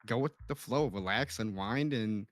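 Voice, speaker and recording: A man's voice: fairly low pitch, faint music behind. Talkative man guesting on a podcast. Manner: talkative, quick restarts, animated. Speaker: podcast guest, roleplay streamer. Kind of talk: casual chat.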